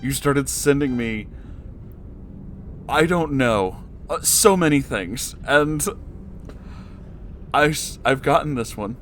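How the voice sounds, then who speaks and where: A young man reading bad fanfiction aloud, slow and amused, with incredulous asides. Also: medium pitch, soft background music. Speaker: fanfiction reader. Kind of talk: comedic story reading.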